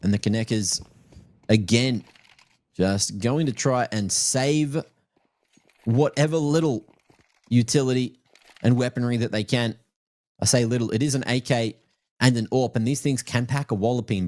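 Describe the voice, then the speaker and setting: An esports caster with a medium-pitched, darkish voice talks at a normal pace but pauses often. Over a headset mic, he delivers chatty, joking commentary on a live match, teasing the players and viewers.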